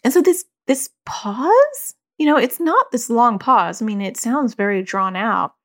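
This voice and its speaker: A woman's voice: a little high, expressive, unhurried, a bit bright. A woman, a parent who hosts a podcast, talking candidly in a loose, conversational way and often saying "like". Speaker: podcast host. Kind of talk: casual reflective parenting talk.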